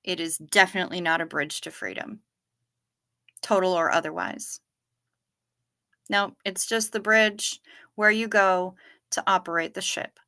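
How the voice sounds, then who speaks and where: A woman's voice: on the low side, steady tone, a little slow, pauses often, sharp tone. A woman hosting a livestream, chatting casually and answering viewer comments. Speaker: livestream host.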